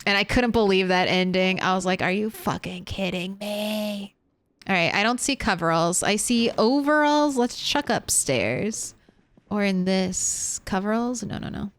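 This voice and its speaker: A woman's voice: mid-range voice, lively intonation, normal speed, smooth. A young woman streaming a game, chatting casually as she plays, rambling between topics and swearing freely. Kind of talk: casual gameplay chat.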